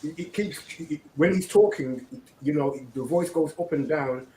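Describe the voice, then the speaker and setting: A man's voice: a little high, moderate pace, dark tone, slight background noise. A man hosting religious commentary, preaching and often asking "right?". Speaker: host. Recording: echoey room.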